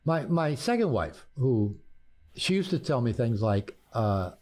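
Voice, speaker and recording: An older man at a middle pitch speaks with a lively, rising and falling delivery. He tells personal stories conversationally, often restarting and repeating words, and chuckles at his own punchlines. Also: a little slow. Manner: animated storyteller, laughs at his own punchlines. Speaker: therapist and author, guest. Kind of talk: conversational podcast storytelling.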